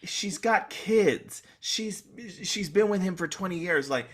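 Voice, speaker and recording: A man's voice: high-pitched, slow. A man guest co-hosting a podcast, chatting casually and rambling animatedly about a soap opera. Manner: animated, rambling, restarts and laughs. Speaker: guest co-host.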